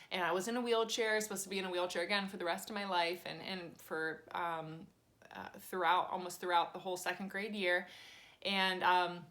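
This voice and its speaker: In a cozy home, a teacher in her thirties tells a personal story with a lowish voice. She's chatty and animated, acting out the voices of the people involved.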